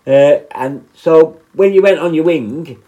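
A man's voice: fairly high pitch, slow pace, mellow, rough recording. A man, a former prison officer hosting a podcast, telling work stories in a blunt, sweary, rambling way. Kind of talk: casual storytelling monologue.

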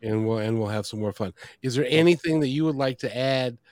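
A man's voice: mid-range voice, brisk, a little mellow, dry recording, studio quality. A man hosting a podcast interview, friendly and praising, repeatedly urging listeners to get his guest's book. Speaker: podcast host.

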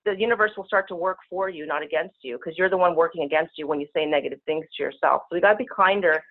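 A woman speaking as a spiritual healer guest, talking very fast in casual, rushing speech over a telephone call-in. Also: fairly low pitch. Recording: tinny phone line.

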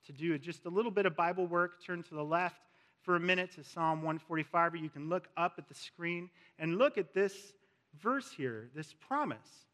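A male pastor preaching a sermon in a church, slow and emphatic, repeating key words for weight. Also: fairly high pitch, bright, forceful tone. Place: church sanctuary with a screen. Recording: long reverb of a large hall.

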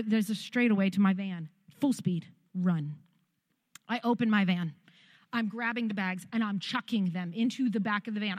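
A woman pastor telling a story in a sermon, animated and humorous. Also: high voice, no room sound.

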